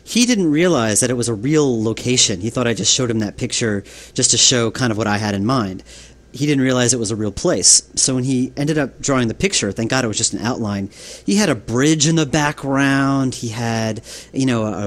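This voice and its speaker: A game developer from New York giving a rambling commentary, full of fillers and restarts. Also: male voice, mid-range voice, moderate pace.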